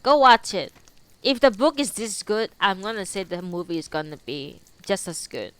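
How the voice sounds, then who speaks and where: A young woman is live streaming, chatting and giggling with her viewers between book readings while still teary from crying. Her voice is mid-range and fairly bright at a moderate pace, and she's giggly and chatty as she answers chat. A little hiss or hum sits under the audio.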